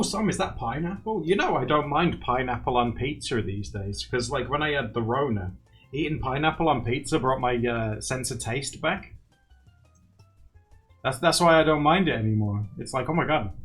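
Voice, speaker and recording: A man's voice: mid-range voice, expressive, normal speed, fairly bright tone. A young man hosting a casual livestream, chatting with viewers and reading their comments, laughing often. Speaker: livestream host. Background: faint background music.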